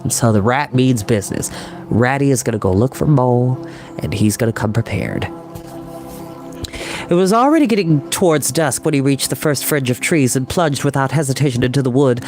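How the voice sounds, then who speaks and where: A man reading a children's story aloud, pausing to explain words to children in a gentle manner. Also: mid-range voice, soft background music.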